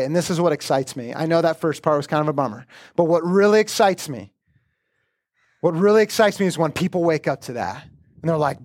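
A male pastor with a noticeably high voice delivers a sermon that moves between prayer and storytelling. He speaks earnestly and conversationally, like he's talking with his congregation. The sound is close and dry. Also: fairly quick, dry recording.

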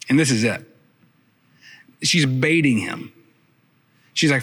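A man's voice: medium pitch, animated, slow pace, pauses often, a bit bright, slightly rough. A man preaching a sermon, retelling the story conversationally with casual asides.

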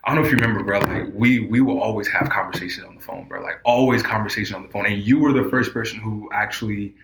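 Upbeat male podcast host, low voice. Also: fast talker, background noise. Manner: animated, sing-song welcomes. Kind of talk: casual podcast chat.

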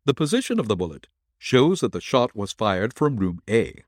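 A man reading a calm, assured detective. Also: lowish voice, no echo, studio quality. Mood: measured. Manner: measured, explaining.

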